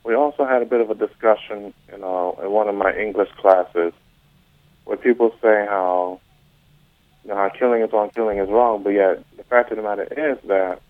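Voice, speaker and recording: Male radio caller from Florida, lowish voice, tinny phone line. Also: steady tone, moderate pace, no echo. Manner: thoughtful, circling and rephrasing his question. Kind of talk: phone-in question to a radio show.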